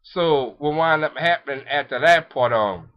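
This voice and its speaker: A man's voice: fairly high pitch, expressive, normal speed, a bit bright. A young man casually recapping an anime episode in a rambling way, with lots of ums, restarts and frequent laughs. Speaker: anime reviewer. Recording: dull lo-fi recording.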